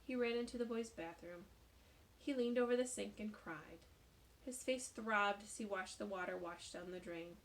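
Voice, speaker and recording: A woman reading a children's novel aloud with expressive voices. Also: mid-range voice, normal speed, a little hiss or hum. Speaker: storybook reader.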